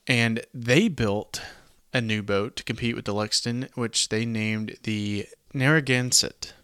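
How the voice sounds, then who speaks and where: A man's voice: on the low side, fairly even intonation, a little slow, a bit bright, clean tone, no room sound, clean studio sound. A man with a Southern US accent, hosting a history podcast and explaining events in a conversational way with asides. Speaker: podcast host. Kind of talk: casual history podcast narration.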